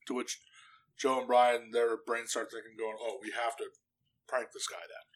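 A man's voice: mid-range voice, little pitch movement, normal speed, slight background noise, poor audio. A man co-hosts a casual podcast. He talks in a loose, chatty way, with an everyday mid-range voice. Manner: laid-back, chatty. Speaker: podcast co-host. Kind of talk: casual chat.

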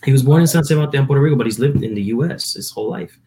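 Give me a young man from New Jersey rambling through stories as a podcast guest, his pitch mid-range. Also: racing, warm tone, a little hiss or hum. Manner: rambling, filler-heavy storytelling. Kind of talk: casual podcast chat.

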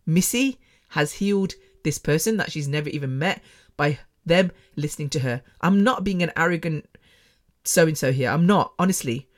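A middle-aged woman hosts her own podcast from her bedroom, speaking into a microphone in a candid personal monologue. Her voice is deep and moderately paced, and she talks frankly and emotionally, often laughing and restarting sentences.

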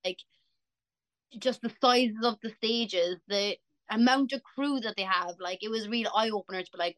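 A young Irish woman, a singer, chatting casually and telling lively stories as an interview guest. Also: medium pitch, brisk, no room sound. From Ireland. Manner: chatty, animated storyteller. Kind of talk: casual chat.

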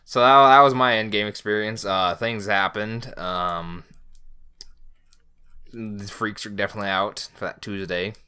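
A man's voice: on the low side, measured pace, sharp tone, smooth. A man, co-hosting a casual podcast, telling a rambling story and swearing freely. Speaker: podcast co-host.

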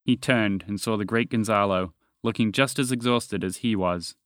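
A man narrating a fantasy story in an expressive, lively reading. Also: fairly low pitch, moderate pace, no echo, studio quality.

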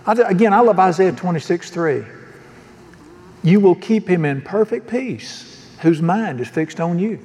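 A man's voice: high voice, expressive, unhurried, darkish tone, in a large hall. A man preaching a sermon as pastor, folksy and joking, often asking the congregation questions. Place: church sanctuary.

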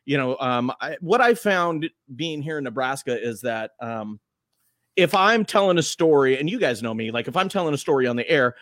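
A man's voice: medium pitch, normal speed, no room sound. Rambling radio man, dry close sound. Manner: loose, rambling, animated storytelling. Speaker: morning radio host, guest. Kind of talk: casual podcast chat.

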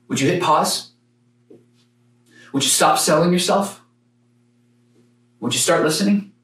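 A man preaching a sermon, telling a story with dramatic pauses and sometimes rising to a shout. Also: a little high, roomy sound, distant mic, rough recording. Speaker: pastor.

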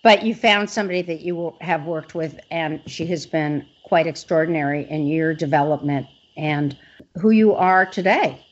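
A woman's voice: low-pitched, moderate pace. A woman interviewing a guest, asking questions and affirming her answers. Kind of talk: conversational interview. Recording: dull lo-fi audio.

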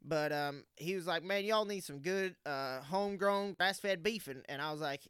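A man's voice: a little high, fairly bright tone, clean tone, no echo, studio quality, close to an everyday voice. A man playing a folksy, earnest racing spotter. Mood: storytelling. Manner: slow, formal, full of fillers. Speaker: race spotter. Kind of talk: improvised comedy interview.

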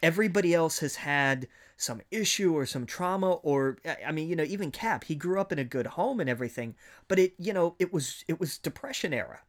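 A man's voice: on the high side, expressive, a little fast, few pauses. A man co-hosting a podcast, explaining his views thoughtfully in casual chat. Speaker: podcast co-host.

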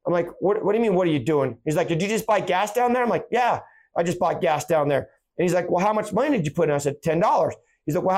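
A man hosting a podcast, telling a personal anecdote in a casual, animated way and acting out what people said. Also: sits high. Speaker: podcast host. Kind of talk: casual storytelling monologue.

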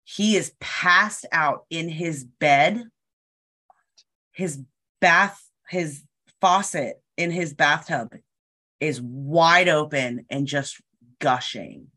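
A woman's voice: sits low, extremely slow, pushed and bright. A woman telling a story in casual chat, acting out what people said and swearing freely.

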